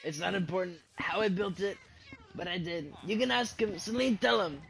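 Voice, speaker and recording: A man's voice: high-pitched, moderate pace, creaky, fairly bright tone, voice pushed up, low-quality recording. A man doing a brash politician impression. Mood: boastful. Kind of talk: gameplay commentary in a put-on voice.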